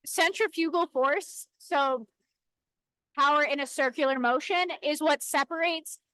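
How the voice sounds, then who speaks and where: High-voiced woman chatting and joking while she films at the rock saw, dry close sound, handheld camera. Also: unhurried, a bit bright, no room sound, poor audio. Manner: chatty, playful, self-correcting. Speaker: lapidary shop co-host filming. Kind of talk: casual chat while demonstrating. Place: indoor workshop by a rock saw.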